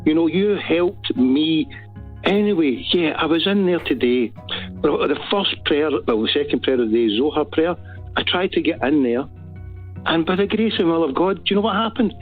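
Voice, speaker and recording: A man's voice: fairly high pitch, lively intonation, moderate pace. A man with a Glaswegian accent calling into a talk show, speaking in a fervent, rambling way that builds to urgent appeals. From Glasgow. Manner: fervent, rambling, rising to exhortation. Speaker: phone-in caller. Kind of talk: casual phone-in call. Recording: tinny phone line with faint music.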